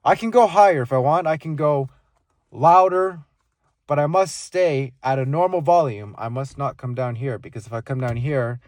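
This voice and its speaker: Man, speaking coach, higher voice, deliberate demonstrations, dry close mic. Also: darkish tone, no echo. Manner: deliberate, shifts volume and pitch to demonstrate. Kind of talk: instructional monologue with live demonstrations.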